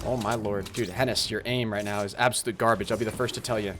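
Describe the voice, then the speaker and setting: A man streaming a game live, commenting on play and talking straight to his chat in a lively, apologetic way. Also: fairly low pitch, fast, heavy background noise. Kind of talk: live gameplay commentary and chat shout-outs.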